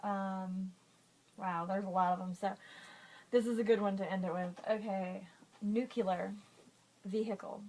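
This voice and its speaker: A woman's voice: medium pitch, level tone, moderate pace, a little mellow, poor audio. A woman vlogger reading a list of words aloud in a casual, giggly, self-conscious way.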